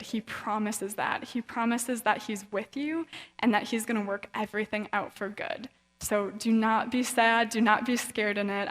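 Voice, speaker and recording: A woman author giving an earnest, encouraging faith talk in a casual conversational way at a young-adult event. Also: medium pitch. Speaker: guest speaker and author. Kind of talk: inspirational faith talk with a read-aloud story. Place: event hall. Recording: long reverb of a large hall.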